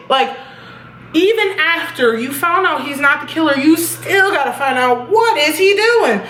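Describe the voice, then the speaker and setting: Young woman, fairly high voice, animated, swears a lot, casual TV review, echoey room, faint hiss. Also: measured pace. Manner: animated, profane, laughing reactions. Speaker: TV episode reviewer. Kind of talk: casual episode review vlog.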